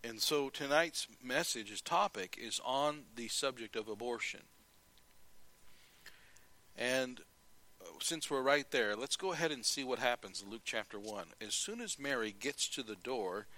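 Guy preaching a sermon, bright ringing voice, mid pitch, storytelling and reading scripture. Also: measured pace, low-quality recording. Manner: storytelling, reads scripture aloud, rhetorical questions. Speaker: pastor.

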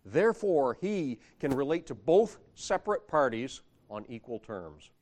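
A man's voice: medium pitch, big pitch swings, measured pace, a little mellow. A man preaching a sermon, reading scripture aloud and building emphasis as he explains a Bible passage.

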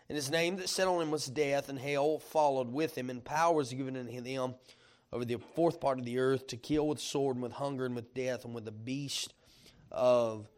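A man preaching a sermon, reading scripture slowly and stopping to ask the congregation questions in conversational asides. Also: fairly high pitch. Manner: reads scripture slowly and deliberately.

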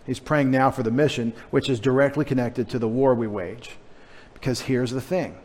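A man's voice: medium pitch, fairly even intonation, normal speed, a little mellow. A male pastor preaching a sermon in a conversational, emphatic way with wry humorous asides. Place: church sanctuary. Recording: long hall reverb.

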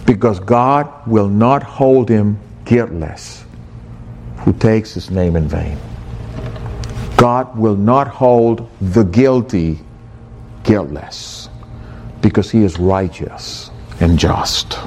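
A man preaching a sermon as pastor, slow and emphatic, with sudden excited rises in his voice. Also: fairly low pitch, a little hiss or hum.

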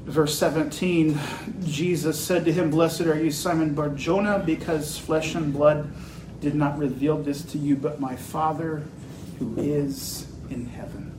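A man preaching a sermon as pastor, slow and building to emphatic declarations. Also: a little high, fairly even intonation, reverberant, background noise.

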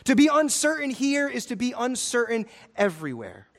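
Male pastor, high voice, emphatic sermon delivery in a church, big swings from urgent to hushed. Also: sing-song. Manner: emphatic, swings between loud urgent peaks and low slow hushed lines. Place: church sanctuary.

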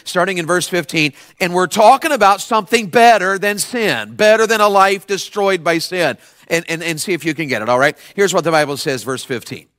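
A young man preaches to a youth group in a bright, high, lively voice. He works in call-and-response, pushing his young listeners to answer him out loud. The sound is close and dry, with no room around it. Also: no echo. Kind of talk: sermon to children and teens.

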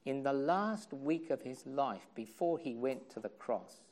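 A man preaching a sermon with passion, moving from hushed tones to loud outbursts and repeating phrases for emphasis. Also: mid-range voice, lively intonation, a little slow. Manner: impassioned, swings from hushed to loud.

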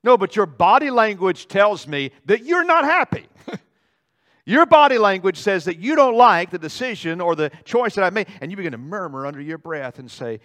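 A male pastor preaching a sermon in a church, animated, swinging between loud dramatic outbursts and quiet asides. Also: high-pitched, a little fast. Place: church sanctuary.

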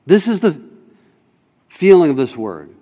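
A fairly high-voiced male pastor preaches in an emphatic, insistent way, repeating his key lines to drive them home. His voice carries a long reverb, as if recorded in a big church sanctuary. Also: big pitch swings, a little slow, mellow, muffled recording. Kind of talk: sermon. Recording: long reverb of a large hall.

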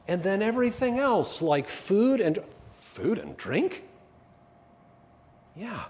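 A man preaching a sermon in a church, emphatic and then dropping to quiet asides. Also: high voice, sing-song, takes it slowly, long pauses, a little hiss or hum. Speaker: pastor.

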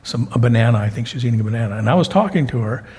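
A man's voice: mid-range voice, expressive, very fast, a little mellow, husky. An older man preaching a sermon as pastor, telling folksy stories and often repeating words as he goes.

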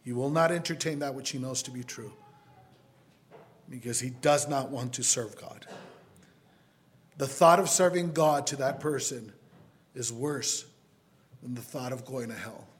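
A man preaching a sermon as pastor, pleading with his listeners and swinging between loud appeals and quiet asides. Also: medium pitch. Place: church sanctuary.

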